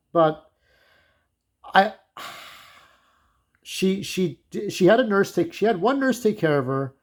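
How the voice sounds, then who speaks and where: A man talking in a casual, rambling monologue, candid and digressive, swearing freely as he reminisces. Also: fairly high pitch. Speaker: vlogger.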